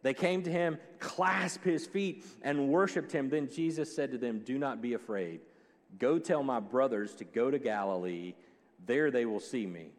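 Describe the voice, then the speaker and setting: A man preaching a sermon as a joking, animated storyteller. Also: mid-range voice, normal speed. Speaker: pastor. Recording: long hall reverb.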